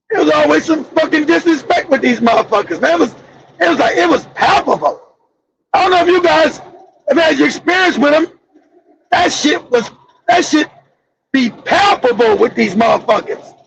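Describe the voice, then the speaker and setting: A man's voice: very high voice, creaky, fairly bright tone, lo-fi sound, slight background noise. A man from Los Angeles hosting a live-stream monologue, telling stories in a blunt, profane way. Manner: profane, blunt storytelling with laughs. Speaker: channel host.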